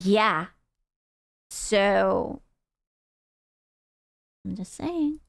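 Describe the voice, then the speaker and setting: A woman's voice: mid-range voice, expressive, drawn-out words, vocal fry, no room sound, clean studio sound. A woman from Europe streaming a casual reaction, talking bluntly, swearing and joking sarcastically.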